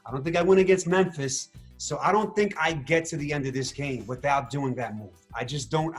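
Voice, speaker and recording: A man in a casual interview, telling his story with animated energy, acting out what he said and thought. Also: fairly high pitch, brisk, hardly any pauses, faint music behind. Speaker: reality show contestant interviewed.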